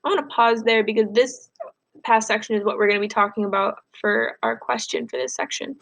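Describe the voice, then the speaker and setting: A woman's voice: mid-range voice, animated, fairly quick, a bit bright, slight background noise. A woman teacher reading a novel aloud and stopping to explain it in a casual way, with fillers.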